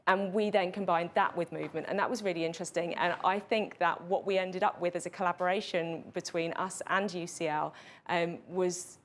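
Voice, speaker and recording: A woman's voice: fairly low pitch, fairly even intonation, fairly quick, slight background noise. A woman with a British accent, a computing curriculum specialist answering questions in a panel discussion in an earnest, explanatory way.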